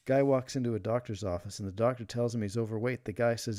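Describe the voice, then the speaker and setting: A man's voice: mid-range voice, fast talker, hardly any pauses, warm tone. A man hosting a casual livestream, chatting and reading jokes aloud while sleeving trading cards. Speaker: livestream host.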